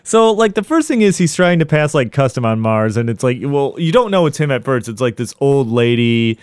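A man's voice: mid-range voice, animated, brisk, darkish tone, clean tone, no room sound, studio quality. A man casually recapping a film in a podcast chat, rambling with lots of fillers.

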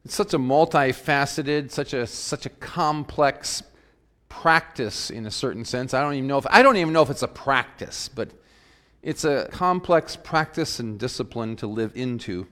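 Earnest male pastor, measured delivery. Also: mid-range voice, expressive, a bit bright. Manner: measured, earnest reading with reflective pauses. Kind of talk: liturgy and sermon.

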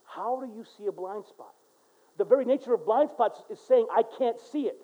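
A man preaching a sermon with a fairly high voice. He drops low and quiet for prayers, then climbs into loud, emphatic calls to his listeners. The recording sounds a little dull and lo-fi. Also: moderate pace. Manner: swings from hushed prayer to loud emphatic exhortation. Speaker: pastor.

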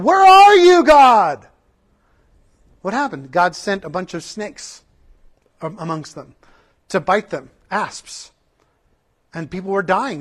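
High-voiced man preaching with fervor. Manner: passionate preaching with rhetorical questions; earnest, conversational asides with restarts. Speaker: pastor. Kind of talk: sermon.

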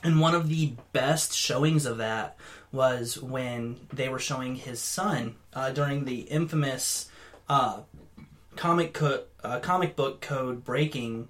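A man's voice: mid-range voice, slow pace, a bit bright. A man in casual podcast chat, earnest and hesitant, full of ums and uhs. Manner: hesitant, filler-heavy, earnest.

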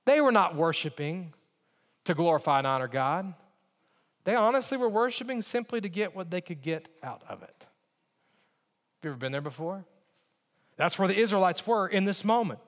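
High-voiced man preaching in a reverberant hall. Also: animated, normal speed, long pauses. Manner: earnest, repetitive emphasis, mimics others in asides. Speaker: pastor. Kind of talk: sermon.

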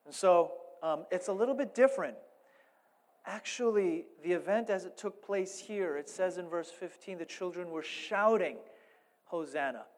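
A man preaching a sermon as pastor, animated and playful, with emphatic rises and asides. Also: sits high, normal speed, in a large hall.

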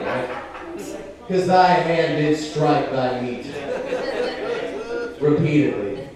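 A man's voice: high voice, a little mellow. A young man doing a rambling, profane stand-up comedy set with frequent asides. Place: comedy club stage. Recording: echoey club from a distance.

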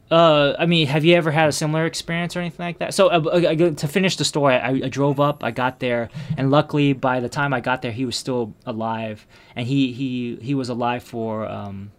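A man chatting casually, recounting a personal memory. His delivery is halting and reflective, with frequent restarts and fillers. He often lets his words trail off into quiet, subdued murmurs. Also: mid-range voice. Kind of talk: casual conversation, telling a personal story.

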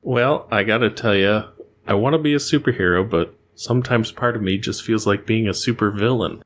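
A teenage superhero student admits his doubts candidly, as a man plays him. The voice sits fairly low and plain, and the confession is delivered without much put-on character. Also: moderate pace, natural voice. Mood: conflicted.

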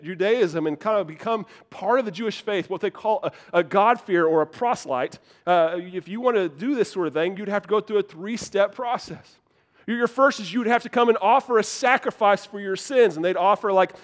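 A man with a high, light voice preaching a sermon. He tells stories with animated energy, rises loud for punchlines and drops low to repeat his main points for emphasis. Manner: animated storytelling, repeats key lines for emphasis. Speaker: pastor.

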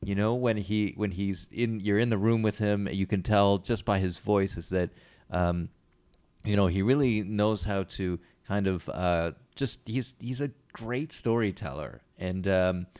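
A man co-hosting a show, speaking haltingly with many ums and restarts. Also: lowish voice, darkish tone. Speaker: podcast co-host. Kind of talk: casual chat.

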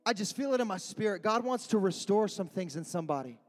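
A young man preaching a youth sermon in a slangy, repetitive style, building to shouted refrains. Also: high-pitched, animated, quick pace. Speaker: youth pastor. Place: youth service gathering.

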